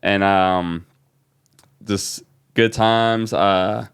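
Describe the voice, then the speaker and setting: A man from New Orleans, a young adult, guest on a podcast, telling an excited story with many fillers. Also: fairly low pitch, drawn-out words, clear, resonant tone. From New Orleans, USA. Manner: animated, excited retelling with fillers. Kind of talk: casual storytelling.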